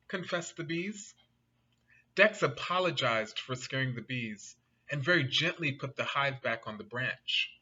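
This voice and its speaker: Man reading a children's picture book, animated and bright, slow and lively. Dull lo-fi recording. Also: mid-range voice. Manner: animated, asks listeners questions. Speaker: storyteller.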